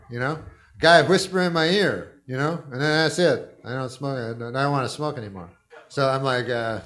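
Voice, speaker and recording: A man doing stand-up comedy on a club stage into a handheld mic, deadpan and rambling with folksy asides, as the audience laughs. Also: medium pitch, a little fast.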